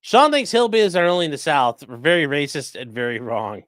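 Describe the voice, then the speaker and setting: A man with a high, bouncy voice riffs casually to his livestream chat. His sound is bright and a bit tense, recorded close and dry with no room echo. He jokes around, slips into silly voices and yells now and then. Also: fairly quick. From grew up in a rural area. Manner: jokey, animated, mock voices and sudden yells. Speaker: livestream host reacting to a trial.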